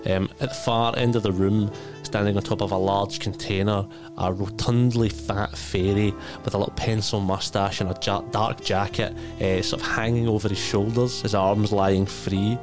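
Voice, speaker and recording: A man narrating a tabletop game as game master, relaxed and full of fillers. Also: on the low side, moderate pace, hardly any pauses, over music. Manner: relaxed, hesitant with many fillers.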